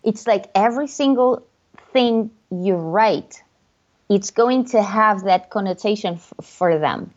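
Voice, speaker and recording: Animated woman, dull lo-fi sound. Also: mid-range voice, slow. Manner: animated, acts out tones of voice. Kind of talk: casual chat.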